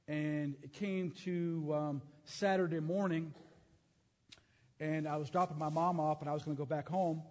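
Middle-aged man, preacher, slightly raised pitch, earnest testimony, ringing hall reverb. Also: darkish tone. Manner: earnest storytelling with many restarts. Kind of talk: sermon testimony.

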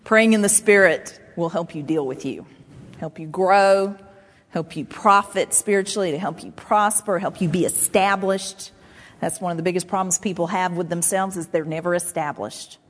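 A woman pastor preaching a sermon in a conversational, animated way. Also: fairly low pitch, normal speed. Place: church sanctuary. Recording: long hall reverb.

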